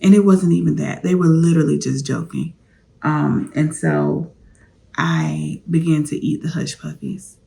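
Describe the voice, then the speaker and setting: A woman's voice: deep voice, fairly even intonation, measured pace, creaky, dark tone. A woman vlogger candidly telling a personal story, confiding straight to her viewers.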